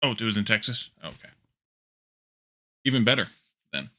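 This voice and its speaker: A man with a fairly low voice, talking at normal speed, streams a building game in a relaxed way. He thinks aloud as he crafts and reads and answers his viewers' chat.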